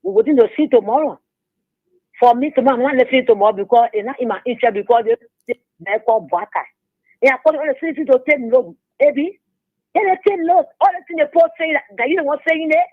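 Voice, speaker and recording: A woman's voice: high-pitched, fast, no echo. A woman calling a radio show, impassioned, rambling and insistent. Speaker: caller. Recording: tinny phone line.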